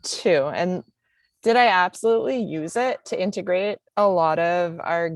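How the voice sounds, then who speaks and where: A woman's voice: lowish voice, unhurried, no echo. Playful, emphatic woman on a panel. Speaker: marathon team member on a panel. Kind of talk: casual panel Q&A.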